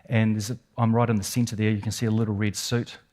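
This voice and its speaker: A man with a New Zealand accent gives a keynote, narrating a dramatic personal tale with vivid suspense and emphatic repetition. He talks fast in a fairly low, level, slightly mellow voice.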